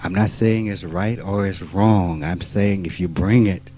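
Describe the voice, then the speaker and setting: A man, giving a spiritual talk in a blunt, profane, emphatic way that swings from quiet asides to loud outbursts. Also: sits low, steady tone, measured pace, few pauses, muffled recording. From rural Mississippi. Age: 50s. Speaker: spiritual teacher. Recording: archival 1989 talk recording.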